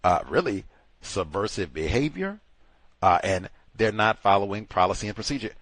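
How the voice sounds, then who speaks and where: A low-pitched man hosts a call-in advice show, speaking emphatically and with animation. His voice sounds dry and close, with no room around it. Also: moderate pace, no room sound. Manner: animated, emphatic, acts out other people mockingly. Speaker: host.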